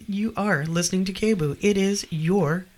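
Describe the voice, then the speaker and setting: A woman's voice: mid-range voice, normal speed, darkish tone. Chatty woman radio host. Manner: chatty, hesitant. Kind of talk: call-in radio discussion.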